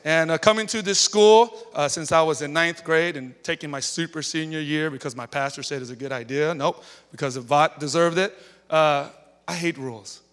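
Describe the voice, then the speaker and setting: A man with a slightly high, clear, resonant and fairly bright voice preaches at normal speed. He's a pastor giving a storytelling sermon in a church sanctuary, talking casually and punctuating lines with "okay" and "all right." The sound reverberates through the church hall.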